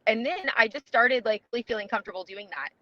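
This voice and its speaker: A woman's voice: a little high, quick pace, highs cut off, a little hiss or hum. A woman guest on a podcast, talking casually in a rambling way with many fillers and restarts. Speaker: podcast guest, competitive player. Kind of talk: casual interview chat.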